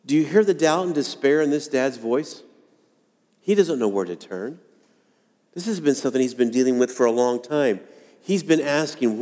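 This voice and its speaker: A man preaching a sermon to a congregation, earnest and dramatic, acting out quoted lines with pauses. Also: medium pitch, a little mellow. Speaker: pastor. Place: church sanctuary. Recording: long hall reverb.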